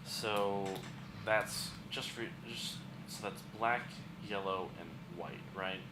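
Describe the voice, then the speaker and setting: A man's voice: fairly low pitch, slow pace, background noise. A man acting as game master, with dry, teasing banter. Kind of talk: casual tabletop chat.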